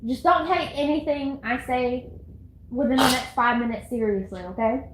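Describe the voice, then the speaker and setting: Woman streamer, high voice, chatty and giggly, echoey room. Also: moderate pace, noisy background. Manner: rambling, giggly, talks to chat and herself. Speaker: livestreamer. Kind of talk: casual live-stream chatter. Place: at home, indoors.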